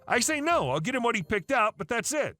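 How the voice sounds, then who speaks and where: Guy reading reddit stories, high bright voice, kinda wry and casual. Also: very animated, fairly quick. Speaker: story narrator. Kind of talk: scripted narration of online stories. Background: faint music.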